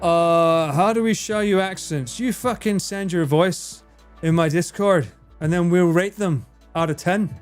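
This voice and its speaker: A man's voice: high voice, a little slow, faint music behind. A male streamer chatting casually with his viewers, joking, swearing and trying out accents. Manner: profane, jokey, tries out accents.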